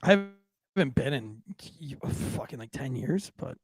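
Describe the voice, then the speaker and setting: A man's voice: medium pitch, animated, measured pace, a little mellow, breathy edge, no echo, clean studio sound. A man co-hosting a podcast in casual chat, crude and joking, swearing freely. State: married. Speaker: podcast co-host.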